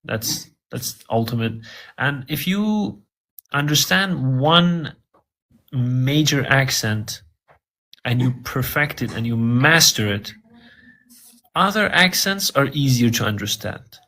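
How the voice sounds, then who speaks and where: A man's voice: mid-range voice, animated, slow, pushed and bright. A man answering interview questions about learning English, earnest and repeating words as he thinks.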